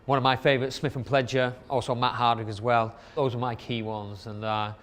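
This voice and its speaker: Chatty man with a smooth voice. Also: medium pitch, flat delivery, fairly quick, fairly bright tone. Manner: chatty, rambling with many fillers. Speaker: club promoter ranking his favourite DJs. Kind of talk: casual spoken countdown.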